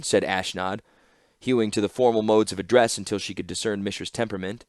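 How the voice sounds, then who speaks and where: A man narrating an audiobook in an expressive storytelling style. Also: on the low side, fairly quick, no room sound, clean studio sound. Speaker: audiobook reader.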